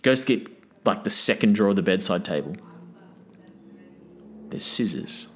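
A man with a fairly low voice tells a rambling, crude story in casual conversation. He swears freely, laughs at his own punchlines and keeps checking in with asides. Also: expressive, moderate pace. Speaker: podcast guest.

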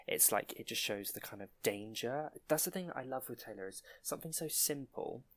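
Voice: medium pitch, animated, moderate pace, fairly bright tone. A podcast co-host in casual chat, gushing about songs with many hesitations and fillers.

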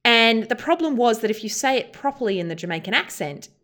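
A woman with an Australian accent, co-hosting a podcast in casual chat, animated and quick to laugh. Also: fairly high pitch. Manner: animated, laughs often, repeats herself. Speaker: podcast co-host.

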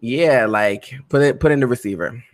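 A man's voice: medium pitch, moderate pace, no echo, studio quality. A man co-hosting a podcast, from a Caribbean family, chatting casually and acting out quoted lines as he tells stories. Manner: animated storyteller, acts out quotes. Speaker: podcast co-host. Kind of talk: casual chat.

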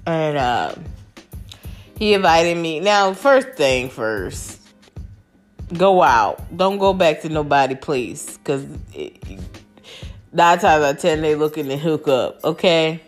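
Woman, lowish voice, very expressive pitch, casual storyteller, faint music bed. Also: slow. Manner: animated, chatty, swears casually, quotes others in raised voices.

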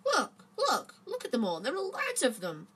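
A woman voicing a young boy wizard, earnest and longing, speaking in an urgent, hushed way. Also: fairly high pitch, very animated, brisk, a little hiss or hum.

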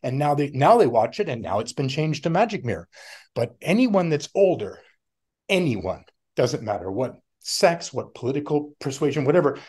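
A middle-aged man talking casually as a podcast guest, rambling and animated, often laughing and acting out other people's voices. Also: on the high side, normal speed, slightly rough. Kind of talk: casual conversation.

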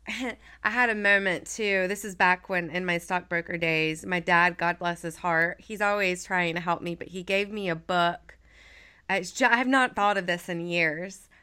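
Woman therapist hosting a chat, thirties, clear bright tone, gentle affirming delivery. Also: on the low side. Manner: soft, warm and affirming, emphatic at times. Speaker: therapist and podcast host. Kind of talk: casual heartfelt conversation.

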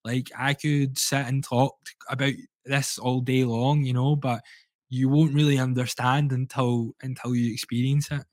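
A man, a breathwork coach, guiding listeners through a breathing exercise with calm, slow, soothing instructions. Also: medium pitch, no room sound.

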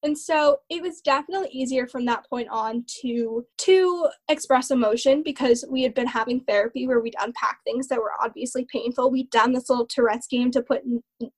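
Earnest young woman, slightly high voice. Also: a little mellow. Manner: earnest, open, heavy use of fillers. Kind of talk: casual conversation.

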